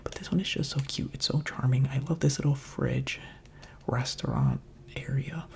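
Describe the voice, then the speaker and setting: A man speaking in a soft, mostly unvoiced whisper, giving chatty, rambling, playful ASMR commentary while he plays a video game, close to the microphone. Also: mid-range voice, wildly swooping pitch, normal speed, gravelly. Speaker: gaming ASMR creator.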